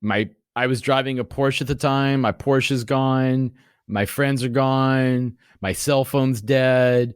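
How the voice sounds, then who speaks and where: A man's voice: mid-range voice, slow, clean tone, dry recording, studio quality. A man in his forties, a podcast guest, telling rambling, profane stories in a casual way. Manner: profane, rambling, animated retelling. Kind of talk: casual storytelling.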